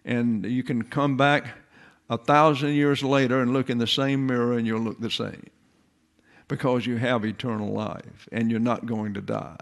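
An elderly man in his eighties delivers a sermon from the pulpit. He speaks slowly and deliberately, and his teaching is sprinkled with homespun turns of phrase. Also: medium pitch, fairly even intonation. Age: 80s. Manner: slow, deliberate teaching delivery with folksy asides. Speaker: pastor.

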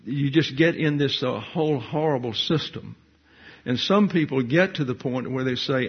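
An older man, a pastor teaching a Bible study in a folksy, unhurried storytelling manner. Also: medium pitch, breathy edge. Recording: muffled lo-fi recording.

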